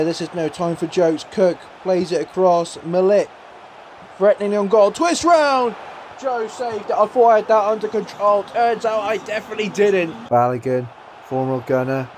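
A young man commentating his own football video game match, swinging between low muttering and excited shouts. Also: a little slow, slight background noise. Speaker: gaming YouTuber.

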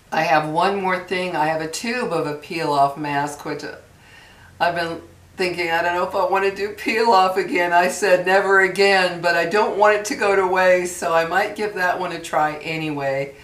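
A woman chatting casually to camera in a product review vlog, folksy and drawn-out on her emphasis. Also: low-pitched. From New Mexico. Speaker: beauty vlogger. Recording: echoey room, far from mic.

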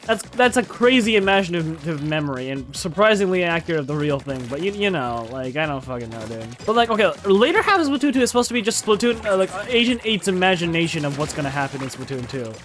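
A young man giving swear-heavy, excitable let's play commentary, laughing often. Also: fairly high pitch, quick pace, hardly any pauses. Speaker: gaming YouTuber. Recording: faint game music behind.

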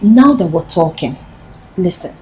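An actress playing a scheming friend, coaxing and plotting. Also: female voice, fairly low pitch, lively intonation, unhurried, darkish tone, a little hiss or hum, rough recording. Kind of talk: film drama acting.

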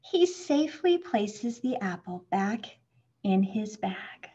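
A woman reading a children's picture book aloud, expressive and acting out the sound words. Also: medium pitch, slow, husky. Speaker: storybook reader. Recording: muffled lo-fi recording.

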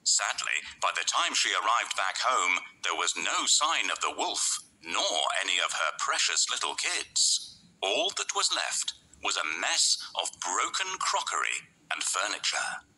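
Male storyteller, bright and husky, slow dramatic bedtime narration with whispered passages. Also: deep voice, huge pitch swings, low-quality recording.

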